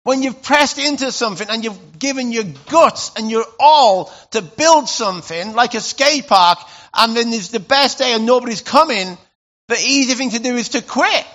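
A male pastor delivers a sermon in a high, ringing voice. He talks to the congregation casually, then bursts out loudly for emphasis. The recording sounds a little muffled. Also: moderate pace. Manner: animated, conversational preaching with sudden loud bursts.

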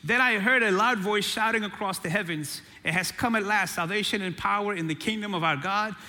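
A man delivers an animated sermon, calling out to the crowd for a response. His voice sits high and rings bright. Long hall reverb trails behind every phrase. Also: a little fast. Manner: animated preaching with call-and-response. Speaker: pastor.

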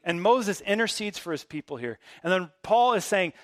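Male pastor, high voice, dry close sound, relaxed but emphatic preaching. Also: normal speed, no room sound. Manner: conversational, emphatic preaching with casual asides. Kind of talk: sermon.

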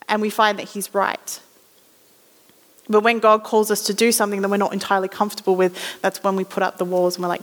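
A woman's voice: mid-range voice, flat delivery, quick pace. A woman giving a conversational sermon, acting out little voices as she tells stories. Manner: conversational storytelling, acts out voices. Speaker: guest preacher. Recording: reverberant hall.

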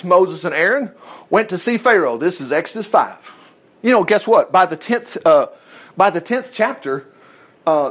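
Man, Bible teacher, reads and comments, exclamatory asides, high voice, very lively pitch.

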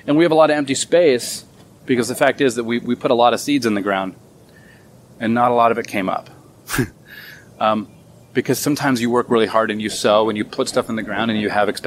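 A man giving a relaxed, conversational sermon outdoors in a small garden, thinking aloud as he teaches. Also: medium pitch, a little hiss or hum. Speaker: pastor.

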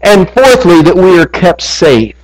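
A man's voice: high voice, sing-song, a little slow, low-quality recording. A man preaching a sermon to his congregation, earnest and building to emphatic peaks. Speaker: pastor.

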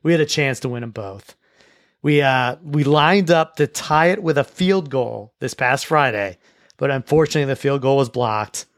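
A man's voice: medium pitch, normal speed, no echo, studio quality. Man hosting a school sports recap. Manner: relaxed, with frequent restarts and repeated words. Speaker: host of a school sports show. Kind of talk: casual sports recap chat.

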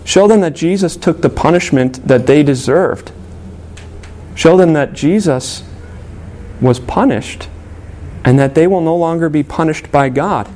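A man's voice: on the high side, unhurried, pauses often, mellow. A man preaching a sermon to parents in an earnest, conversational way, telling a story with frequent "uh" fillers. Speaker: pastor.

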